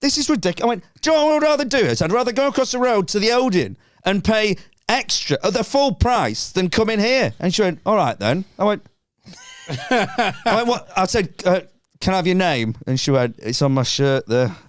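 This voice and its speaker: A man with a Northern English accent, a podcast guest telling a comedic anecdote in an animated, indignant and sweary way, acting out both sides of the exchange. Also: high-pitched, fairly quick, no echo, studio quality. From northern England.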